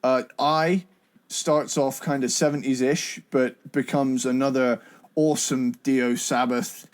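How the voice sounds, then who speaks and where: A man co-hosting a casual podcast chat, joking in an unhurried way. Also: mid-range voice, steady tone. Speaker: podcast co-host.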